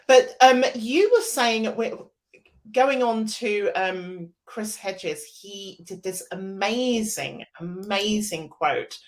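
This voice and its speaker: British woman co-host, mid pitch, halting and repetitive delivery. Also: rough recording. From United Kingdom. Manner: halting, many restarts and repetitions. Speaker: podcast co-host. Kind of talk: casual chat.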